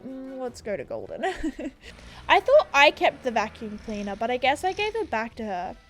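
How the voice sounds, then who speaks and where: Young Australian woman, gaming commentary, chatty and self-mocking, high animated voice. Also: normal speed, soft background music. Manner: chatty, self-deprecating, laughs often. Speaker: gaming YouTuber. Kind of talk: casual gameplay commentary. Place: apartment room. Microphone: desk microphone.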